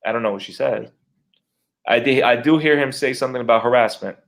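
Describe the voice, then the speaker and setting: A middle-aged man co-hosting a podcast, telling a long neighbor story in casual, profane, animated talk and acting out his own reactions. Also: mid-range voice, fast, creaky. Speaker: podcast co-host.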